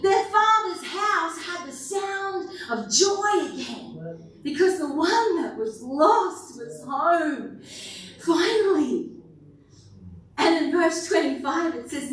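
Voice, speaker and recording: A high-voiced woman pastor preaching to her church in an easy, chatty manner and quizzing the room as she goes. Her voice bounces around a large, very echoey hall and is picked up from a distance. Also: very animated, slow. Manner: conversational and playful, asking the room questions. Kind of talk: sermon.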